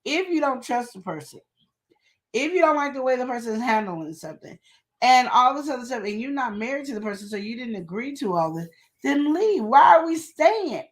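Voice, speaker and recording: A woman with a somewhat high voice co-hosts a live relationship advice stream. She talks casually with slang. She presses her points with repeated questions. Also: fairly quick. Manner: animated, emphatic, repeats questions. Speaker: co-host of a live advice show.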